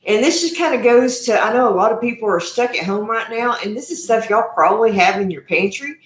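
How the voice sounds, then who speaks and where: A woman's voice: on the high side, lively intonation, a little fast, reverberant. A woman hosting a live cooking stream from her home kitchen, chatty and effusive, calling her viewers y'all. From Texas. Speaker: cooking show host.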